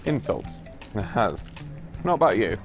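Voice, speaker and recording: A man with a lowish voice who chips in with short, dry, teasing remarks during casual chat at a scrapyard. Music plays clearly beneath him. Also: very animated, unhurried. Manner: teasing, dry one-liners. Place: outdoors at a scrapyard. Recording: music playing under the voice.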